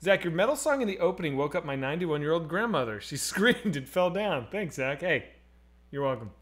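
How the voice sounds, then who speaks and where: A man in his thirties hosting a casual live stream, joking and swearing as he reads chat, swinging between loud and quiet. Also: fairly high pitch, a little fast. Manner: animated, swearing, jokey, swings loud and soft. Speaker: streamer host.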